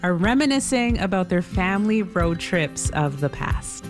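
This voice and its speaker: A woman hosting a radio show, reading scripted narration in a measured, storytelling way. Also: fairly low pitch, animated, soft background music. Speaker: radio host.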